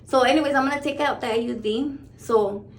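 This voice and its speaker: A woman in her thirties telling a story to camera in a profane, blunt, excitable way. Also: sits high, brisk. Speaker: vlogger.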